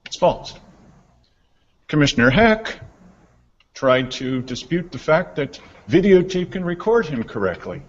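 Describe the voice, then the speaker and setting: A man's voice: a little high, big pitch swings, measured pace, long pauses. A man giving prepared public comment at a meeting, pointed and accusing. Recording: dull, reverberant meeting hall.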